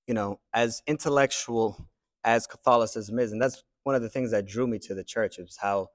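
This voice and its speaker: A man teaching a class, thinking aloud in a reflective way with pauses. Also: lowish voice. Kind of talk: classroom discussion.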